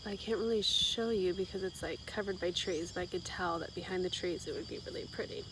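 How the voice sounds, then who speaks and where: A woman's voice: on the low side, fairly quick. A young woman talking casually to her camera in a video diary, often dropping to a whisper and saying "like" a lot. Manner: soft-spoken, often whispering, many "like" fillers. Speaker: vlogger. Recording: clear outdoor insect noise.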